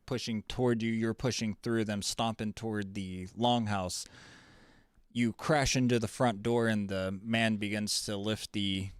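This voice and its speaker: A man's voice: lowish voice, clear, resonant tone, dry recording, studio quality. A man running a tabletop game as game master, narrating loosely with fillers and self-corrections.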